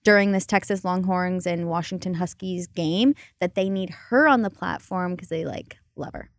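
A woman's voice: fairly low pitch, normal speed, no room sound, clean studio sound. A woman co-hosting a casual entertainment news chat, chatty and joking as she runs through stories. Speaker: co-host.

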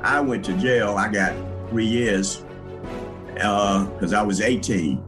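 An older man telling his life story in a relaxed interview, with many restarts and small chuckles. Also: lowish voice, slow, over music, poor audio. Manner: conversational, with frequent restarts and chuckles. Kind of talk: recalling his past in an interview.

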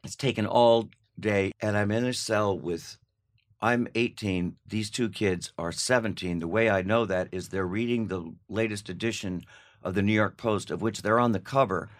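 An older man telling an animated anecdote as a guest, laughing at his own story. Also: fairly low pitch, normal speed. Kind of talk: casual anecdote.

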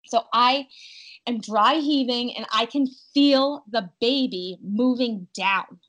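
A young adult woman telling her birth story in a casual, animated way, acting out her own cries in quotes. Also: a little high, slow, lo-fi sound.

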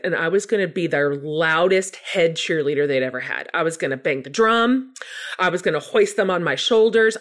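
A woman's voice: on the low side, a bit bright. A woman guest telling a personal story candidly and with self-deprecating humor, acting out her own past words. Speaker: guest author.

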